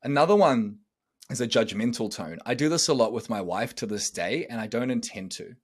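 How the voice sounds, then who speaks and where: A man's voice: mid-range voice, a little fast, slightly rough. A man, hosting a podcast as a relationship coach, talking bluntly and acting out different tones of voice. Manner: blunt, emphatic, acts out tones of voice. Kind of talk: casual podcast conversation.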